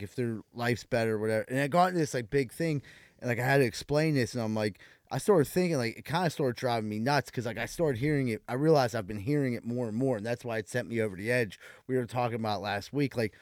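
A man's voice: mid-range voice, darkish tone, dry recording, clean studio sound. A man telling a story and ranting in casual podcast chat. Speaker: podcast co-host.

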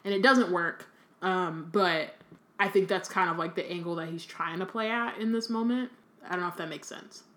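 A young woman co-hosting a podcast, reading aloud and then chatting casually, full of "like" and quick restarts. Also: lowish voice, a bit bright. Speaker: podcast co-host.

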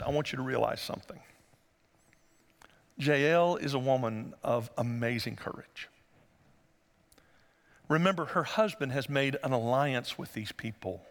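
A male pastor, preaching a sermon and telling stories, sometimes acting out voices in a high falsetto. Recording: long hall reverb.

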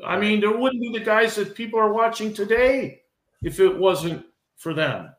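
A man's voice: high-pitched, moderate pace, fairly bright tone. A middle-aged man, a veteran wrestler guesting on a podcast, speaking emotionally and heatedly, repeating and restarting his words. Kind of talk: podcast interview. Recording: echoey room.

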